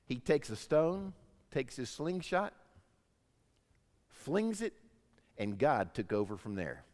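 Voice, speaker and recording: A man preaching a sermon as pastor, telling stories with lively voices. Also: medium pitch, slow pace, in a large hall. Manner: animated storytelling, acts out voices in anecdotes.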